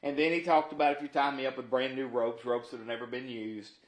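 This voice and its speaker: Male preacher, conversational Bible teacher, plain mid-pitched voice, roomy echo. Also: fairly even intonation, fast talker. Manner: retells scripture casually with asides and restarts.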